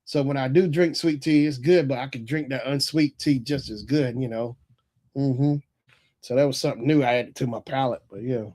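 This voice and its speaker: A man from North Carolina, hosting a casual live stream in a relaxed, rambling way and often chuckling as he reads chat aloud. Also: medium pitch, moderate pace. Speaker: livestream host reading chat.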